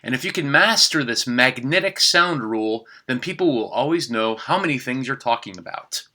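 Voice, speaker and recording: Bright, careful man teaching pronunciation. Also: medium pitch, animated. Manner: slow, careful over-articulated demonstration of words. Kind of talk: spoken language tutorial.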